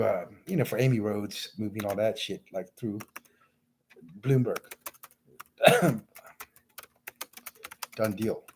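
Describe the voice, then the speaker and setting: A man's voice: lowish voice, expressive, moderate pace, pauses often, a little mellow, slight background noise. A man talking in a rambling solo monologue, drifting from thought to thought and calling the listener "man.".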